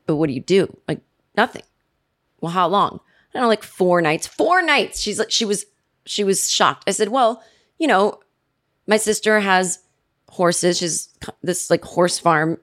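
A woman in her forties hosting a podcast, telling a rambling comedic story in a chatty way and mimicking her family with shrill yells. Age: 40s. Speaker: podcast host. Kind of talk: casual comedic monologue.

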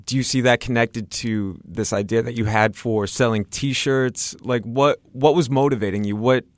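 A man's voice: medium pitch, steady tone, normal speed, dry recording. A man interviewing a guest, asking curious questions in a conversational way.

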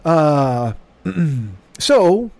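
Hoarse fifty-something man ranting comically. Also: on the high side, very animated, very slow, darkish tone. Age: 50s. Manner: profane, rambling, self-mocking comic patter. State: hoarse from yelling. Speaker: podcast host. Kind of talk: casual solo podcast monologue. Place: home room with air conditioner.

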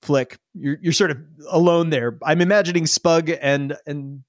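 A man narrating and running a tabletop game as game master, animated and often laughing. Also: a little high, moderate pace, no room sound, studio quality. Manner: animated, laughing, acts out little voices.

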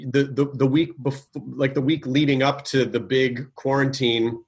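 A man hosting a podcast, chatting casually in a rambling, animated way and swearing now and then. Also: mid-range voice, measured pace, slightly rough. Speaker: podcast host. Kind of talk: casual chat.

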